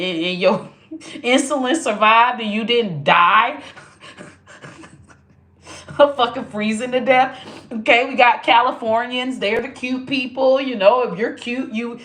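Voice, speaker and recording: A woman hosting casual commentary, animated and profane, often jumping into high squealing voices. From American South. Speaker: host.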